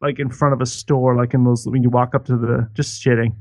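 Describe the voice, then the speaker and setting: A man's voice: medium pitch, flat delivery, a little fast, darkish tone, dry recording. A man co-hosting a casual podcast over a video call, telling rambling, profane stories. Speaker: podcast co-host.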